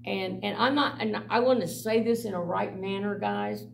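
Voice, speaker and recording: A middle-aged woman giving a blunt, animated personal testimony to a church group, laughing often as she tells her stories. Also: mid-range voice, normal speed, vocal fry. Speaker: mission director. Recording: distant mic with faint background noise.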